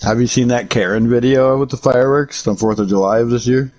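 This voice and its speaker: A man's voice: medium pitch, brisk, darkish tone, muffled recording. An American man chatting casually with viewers while streaming a game, joking and swearing. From United States. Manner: profane joking banter with chat. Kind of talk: casual livestream chat.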